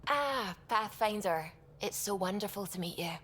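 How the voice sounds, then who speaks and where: A woman's voice: medium pitch, lively intonation, normal speed, a bit bright, slightly rough. An actress with a West Coast Scottish accent playing an eager, chatty female scientist. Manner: enthusiastic, rambling.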